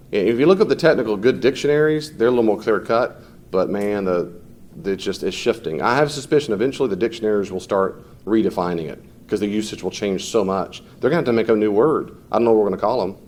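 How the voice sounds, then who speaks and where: A man's voice: fairly low pitch, a little mellow, slight background noise. A man teaching a class in a conversational, off-the-cuff way, fielding questions from students and often mimicking people in short quoted voices.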